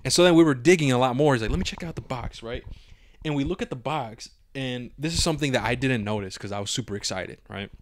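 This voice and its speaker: Young male podcast co-host, mid-pitched, casual and profane storyteller who acts out every quote. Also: fast talker. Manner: animated, swears a lot, acts out his own quotes.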